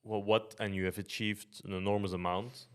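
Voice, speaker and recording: Low-voiced man telling a stammering story. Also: flat delivery, normal speed. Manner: storytelling, stammering restarts, dry humor. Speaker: podcast host. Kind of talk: casual podcast chat.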